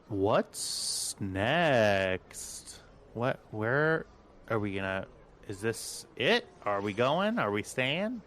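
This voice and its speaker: A man chatting casually and then narrating as game master, rambling and animated with many fillers. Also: fairly low pitch, slight background noise.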